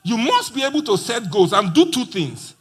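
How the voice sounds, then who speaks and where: A man's voice: extremely high pitch, sing-song, normal speed, a bit bright, breathy edge. A man giving a playful motivational talk at a conference, acting out quoted dialogue. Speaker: conference speaker. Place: conference hall.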